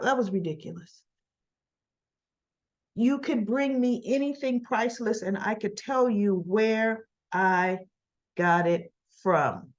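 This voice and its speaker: A woman's voice: mid-range voice, dull audio. A woman casually recapping soap opera scenes, retelling them in quoted lines with chatty asides.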